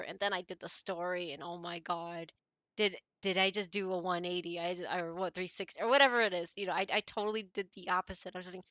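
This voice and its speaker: A bright, forceful woman streamer talks into a dry, close microphone, chatty and emotive as she answers her chat. She rambles, reacts openly, and sounds like she is talking straight to her viewers. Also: mid-range voice, quick pace, no echo. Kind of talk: casual chat with live viewers.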